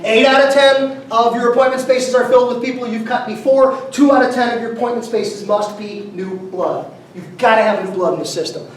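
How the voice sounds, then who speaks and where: A man giving an emphatic motivational seminar talk, repeating key numbers and quizzing his audience. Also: high-pitched. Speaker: business seminar speaker. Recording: very echoey room, mic far off, faint noise.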